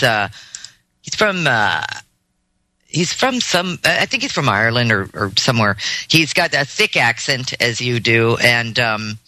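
A man's voice: medium pitch, pushed and bright, dry recording. A man hosting a podcast in a casual chat, rambling with lots of restarts and easy laughter. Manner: rambling, many fillers and restarts, laughs easily. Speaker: podcast host.

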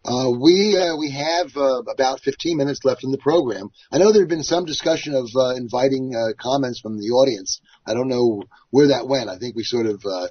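A man's voice: medium pitch, fairly quick, few pauses, slightly rough, highs cut off. A man from North America co-hosting a casual talk show, hesitant and full of fillers. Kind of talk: casual chat.

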